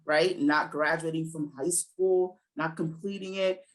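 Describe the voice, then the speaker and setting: Fast-talking woman with a New Jersey accent. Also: low voice, steady tone, low-quality recording. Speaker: educator and guest. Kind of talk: casual podcast interview.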